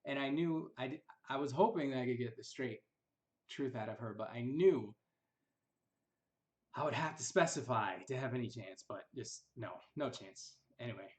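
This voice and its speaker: Young male vlogger, casual storytelling, bitter and rambling, mid-pitched. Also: lively intonation, moderate pace. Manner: bitter, rambling, quotes others in mocking voices. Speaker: vlogger recounting family history.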